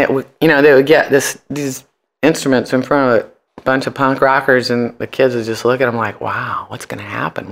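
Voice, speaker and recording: A man in his forties, an interview guest, telling stories in a blunt, profane way and mimicking the people he quotes. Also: mid-range voice. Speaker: interview guest, punk musician and comedian. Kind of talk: casual interview storytelling.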